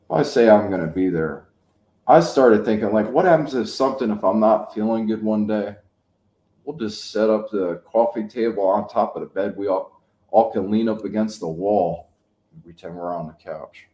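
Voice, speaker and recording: Male, 50s, channel host: dark, mellow voice, loose rambling chat, roomy echo. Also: on the low side, normal speed. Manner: rambling, anecdotal storytelling. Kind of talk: casual chat. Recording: echoey room.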